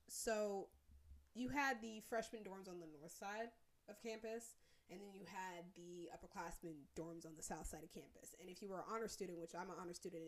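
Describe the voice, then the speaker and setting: A young woman hosting a podcast, telling a story in a casual, animated way with plenty of swearing. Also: fairly low pitch. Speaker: podcast host.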